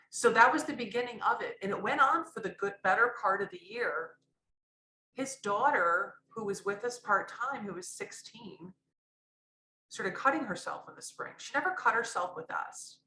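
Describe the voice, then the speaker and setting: A woman's voice: mid-range voice, expressive, moderate pace, bright, forceful tone, reverberant, slight background noise, poor audio. A woman guest telling a raw personal story in a candid, rambling way, often restarting her sentences. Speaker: podcast guest.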